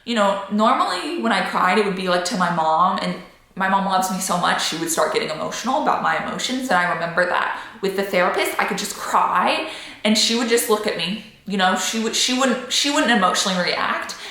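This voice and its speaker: Young woman talking to camera, super candid, bright voice bouncing around an echoey room. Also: medium pitch, lively intonation, normal speed. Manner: candid and chatty, many "like" fillers. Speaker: vlogger. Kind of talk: personal storytelling to camera.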